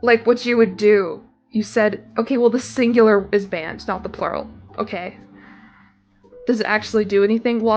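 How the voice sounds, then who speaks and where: A woman's voice: mid-range voice, dull audio. A young woman streaming, chatting casually and rambling with lots of fillers and restarts. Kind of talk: casual live-stream chat. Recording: faint music behind.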